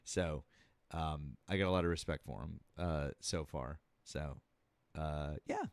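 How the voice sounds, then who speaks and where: A man hosting a politics live stream in casual chat, halting with many fillers and restarts and swearing freely. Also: very deep voice, dry recording, studio quality.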